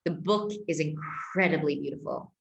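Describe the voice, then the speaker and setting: Emphatic low-voiced woman guest. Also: moderate pace, vocal fry, lo-fi sound. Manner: emphatic, earnest. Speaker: spiritual and empowerment coach, guest. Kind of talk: casual conversation.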